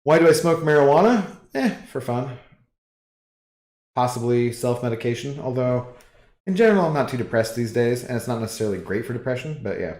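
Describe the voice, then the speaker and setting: A man hosting a livestream, chatting casually with viewers and rambling through relaxed asides while reading chat. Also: medium pitch, fairly quick, reverberant.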